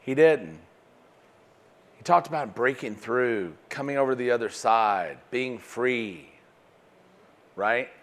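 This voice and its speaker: A man with a mid-range voice leads a live sales seminar in front of a room full of people. He is animated and punchy, and keeps tagging his points with a quick "right?". His delivery is loose and conversational, with no script. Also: medium pitch. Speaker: sales trainer.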